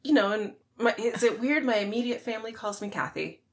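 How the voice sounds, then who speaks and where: A woman's voice: fairly high pitch, brisk. Chatty woman co-hosting a podcast. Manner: chatty, storytelling, laughs often. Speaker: podcast co-host. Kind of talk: casual chat.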